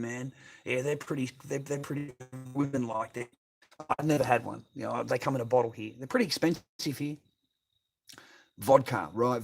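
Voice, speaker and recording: An Australian man chats loosely to his livestream audience at a middling pitch. He rambles and swears freely, piling up filler words as he goes. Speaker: livestream host. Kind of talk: casual livestream chat, reading viewer comments.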